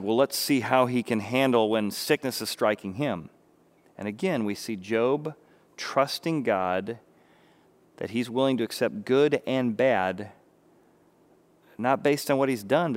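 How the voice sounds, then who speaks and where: A man preaching a sermon as a pastor. He speaks emphatically, asks his listeners rhetorical questions, and swings between loud bursts and quiet asides. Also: medium pitch.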